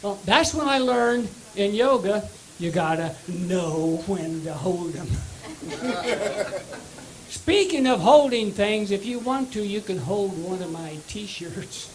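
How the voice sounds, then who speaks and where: An older man with a high, squeaky voice from voice surgery, doing a stand-up comedy set with dry, self-mocking jokes and wry pauses. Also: expressive, low-quality recording. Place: comedy club stage before a live audience. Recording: live club recording with audience laughter.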